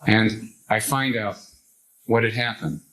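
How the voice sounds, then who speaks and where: An older man telling a personal anecdote to a live audience, animated, acting out the others' lines in the story. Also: fairly low pitch, takes it slowly, low-quality recording.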